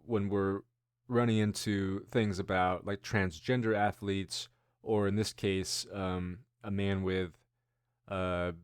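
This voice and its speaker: A man's voice: fairly low pitch, smooth, no echo, studio quality. A man in his thirties hosting a casual news-commentary show, rambling and musing with self-deprecating asides. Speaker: host.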